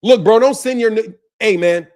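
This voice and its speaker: Heated, high-voiced man ranting. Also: normal speed, darkish tone. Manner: heated, confrontational, profane, repeats himself. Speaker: boxing channel host. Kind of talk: ranting commentary to camera.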